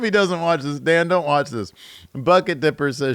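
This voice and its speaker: Lively, chatty male podcast host. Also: fairly high pitch, measured pace, no room sound, studio quality. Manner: chatty, opinionated, laughs at own jokes. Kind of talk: casual reaction commentary reading viewer comments.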